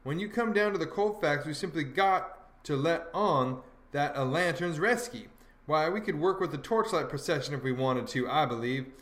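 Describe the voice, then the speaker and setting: A man's voice: on the high side, animated, moderate pace, fairly bright tone. A man voicing a bossy, know-it-all teenage boy who lectures in folksy dialect, in an audiobook reading. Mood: lecturing. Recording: roomy echo.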